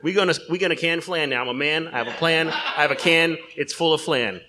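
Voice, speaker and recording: A man voicing a folksy male corn-farm salesman who pitches canned flan like a loud pitchman. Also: fairly quick, heavy background noise, close to an everyday voice. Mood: salesy, boisterous.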